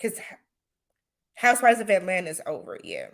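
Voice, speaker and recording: A woman hosting a casual livestream chat, answering viewer comments and laughing often, with relaxed speech full of y'all and imma. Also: fairly low pitch, a little fast, creaky. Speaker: livestream host.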